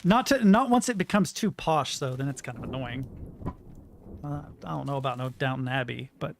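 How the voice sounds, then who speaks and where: A man's voice: medium pitch, expressive, moderate pace, vocal fry, slight background noise. An American man in his thirties chatting frankly and rambling while commentating a game he plays. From United States. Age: 30s. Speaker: let's play host. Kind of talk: casual gameplay commentary.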